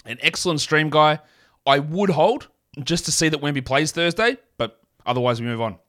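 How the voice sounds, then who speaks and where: A man's voice: fairly high pitch, moderate pace, fairly bright tone. A man hosting a solo sports podcast, talking in a blunt, rambling, self-mocking way. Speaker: podcast host. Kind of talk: casual solo podcast talk.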